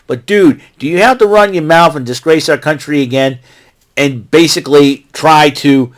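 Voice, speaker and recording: An American man hosting his own vlog, giving an excitable, rambling recap full of asides and restarts. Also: on the high side, normal speed. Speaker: vlog host recapping wrestling.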